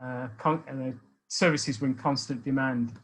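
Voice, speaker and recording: A man in his sixties from Birmingham with a Birmingham accent, talking about his life in a thoughtful, hesitant way with many pauses and restarts. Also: mid-range voice, steady tone, a little hiss or hum, rough recording. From Birmingham, England. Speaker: speaker sharing life experience. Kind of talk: reflective personal talk.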